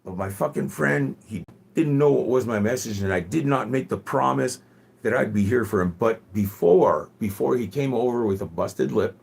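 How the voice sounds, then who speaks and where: A man's voice: medium pitch, moderate pace, creaky, darkish tone, husky. A man in his forties with a slight Quebec French accent, chatting casually on a gaming livestream in a rambling, profane, earnest way. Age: 40s. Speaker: gaming streamer.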